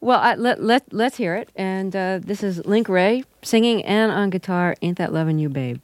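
A woman hosting a radio interview, introducing her guest and asking measured questions. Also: mid-range voice. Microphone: studio microphone.

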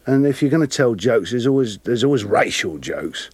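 A man with a Cockney accent, a guest actor telling lively anecdotes with frequent laughter. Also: medium pitch, moderate pace, slightly rough, no echo. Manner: animated, laughing often, plays voices in his stories. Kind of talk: storytelling interview anecdotes.

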